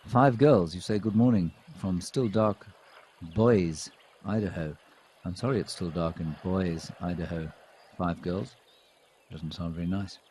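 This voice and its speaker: A man commentates on live wildlife footage in a low, warm voice, chatting easily with viewers. His humor is dry and deadpan. Faint outdoor bird ambience sits behind him. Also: a little slow, slight background noise. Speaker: wildlife show host.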